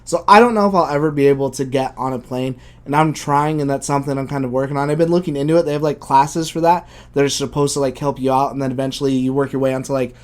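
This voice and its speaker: A man's voice: mid-range voice, steady tone, quick pace, hardly any pauses. A man co-hosting a gaming podcast, talking candidly and swearing freely in casual chat. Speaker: podcast co-host.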